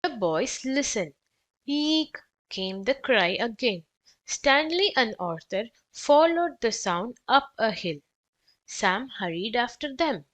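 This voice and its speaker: A woman reads a children's storybook aloud for young kids, clear and expressive. Her voice sits a bit high and rises and falls in a very lively way. She reads at an unhurried, very slow pace. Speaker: children's book reader.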